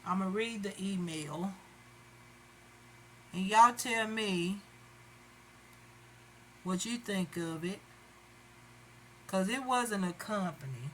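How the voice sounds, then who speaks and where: A beauty vlogger chats casually with viewers, calling them "y'all," while she does her makeup. Her medium-pitched, slightly bright voice is slow with long pauses, and the rough recording carries a little hiss or hum.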